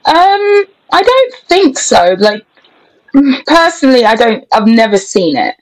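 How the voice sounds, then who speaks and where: A young woman talks casually as a podcast guest, laid-back and prone to giggles, pausing with many fillers. Her mid-range voice sounds close and dry, with no room around it. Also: on the high side, big pitch swings, no echo, low-quality recording. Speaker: pole and twerk instructor, guest. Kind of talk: casual interview chat.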